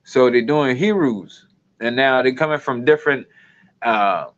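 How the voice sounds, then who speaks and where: A man's voice: medium pitch, measured pace. Rambling man with dull lo-fi sound. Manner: loose, digressive, laughs while talking. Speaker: video commentator. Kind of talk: casual rambling commentary.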